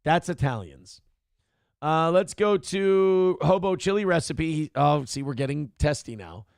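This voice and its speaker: Male stream host, gravelly, higher-pitched, brash and crude, reacting to chat. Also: animated, a little slow, a little mellow, dry recording, studio quality. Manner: brash, profane, mocking. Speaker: morning show host reading chat. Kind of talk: casual, crude livestream talk.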